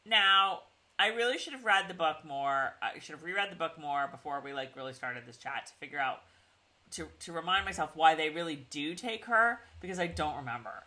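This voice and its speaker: Lively, bright-toned middle-aged woman recapping. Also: deep voice, moderate pace. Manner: rambling, full of "like" and restarts. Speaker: podcast co-host. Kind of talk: casual TV recap chat.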